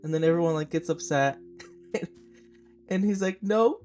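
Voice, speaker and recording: A man's voice: fairly high pitch, a little slow, darkish tone, soft background music. A man in his twenties hosting a casual film review podcast. He talks in a chatty, gushing way and uses a lot of "like" fillers. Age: 20s. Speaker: podcast host.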